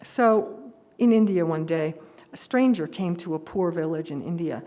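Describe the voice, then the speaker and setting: This older lay speaker's voice runs on the low side, dark in tone and moderately paced. She gives a storytelling talk at a worship service, keeping it chatty, lightly humorous and sprinkled with laughs, while the worship hall adds an echoey reverb.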